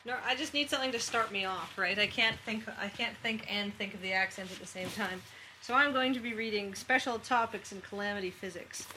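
A woman in a casual group chat, explaining things in an animated, self-deprecating way. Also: mid-range voice, fairly quick, slight background noise, poor audio.

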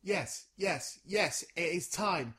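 A man's voice: high-pitched, animated, slow pace, loud music behind the voice. Guy cohosting a comedy podcast, exasperated and bickering, voice swings up and down a lot, keeps cracking up. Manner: exasperated, bickering, breaks into laughter. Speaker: podcast co-host. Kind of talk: casual comedic chat.

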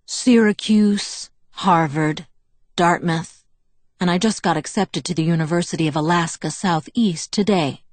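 A woman's voice: fairly low pitch, no echo. Woman voicing a serene, charming young man. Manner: smooth, friendly, unhurried. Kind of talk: audiobook character reading.

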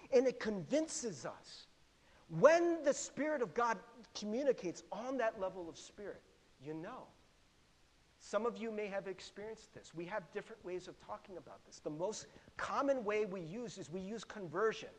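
A middle-aged male pastor preaches with a notably high, lively voice, chatty and animated, often laughing and asking his listeners questions. His words ring out with a long reverb, as if in a large hall. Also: moderate pace. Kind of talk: sermon.

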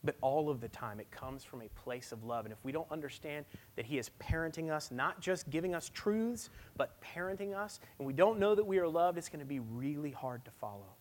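A male pastor preaching a sermon at a church service, swinging from loud, emphatic lines to hushed, near-whispered ones. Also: on the high side, animated, fairly quick, hardly any pauses.

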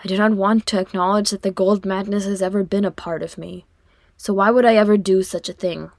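A woman voicing a proud male dwarf lord who speaks low, weary and measured, for an audiobook reading. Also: fairly even intonation, dry recording, clean studio sound, lightly acted.

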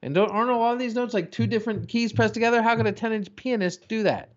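A man hosting a casual chat, reading listener jokes aloud with profanity and animated put-on voices. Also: high voice, quick pace, muffled recording. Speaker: podcast host reading listener questions.

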